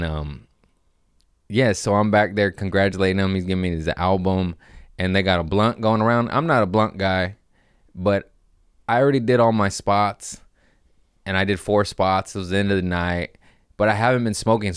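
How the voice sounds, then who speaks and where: A deep-voiced man in his thirties hosts a casual podcast, hopping from one topic to the next and acting out bits of dialogue. His low voice sits close to a dry mic with no room sound around it. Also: smooth, dry recording. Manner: jumps between topics, acts out voices. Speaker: podcast host, comedian. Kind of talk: casual rambling chat.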